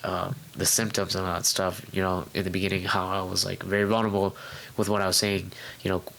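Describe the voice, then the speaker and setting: A young man telling his own story in a casual interview at home, halting and candid, with many fillers and restarts. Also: deep voice, completely flat delivery, creaky, fairly bright tone, slight background noise, low-quality recording. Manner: acts out his past self in quoted outbursts. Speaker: guest. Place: home room.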